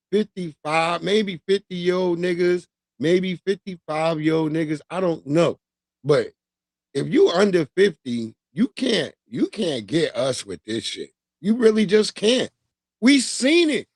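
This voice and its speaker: A man in his forties hosting a livestream, giving animated, profane casual commentary and laughing often. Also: high voice, measured pace, no room sound, studio quality. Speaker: livestream host.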